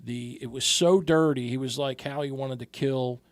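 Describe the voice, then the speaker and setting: A man's voice: mid-range voice, steady tone, moderate pace, no room sound. A man co-hosting a podcast, telling long rambling stories in casual chat and swearing freely. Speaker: podcast co-host.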